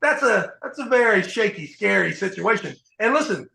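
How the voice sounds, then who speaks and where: A man hosting a podcast, telling profane, animated stories in casual chat. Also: sits high, normal speed, vocal fry, roomy sound, rough recording. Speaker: podcast host.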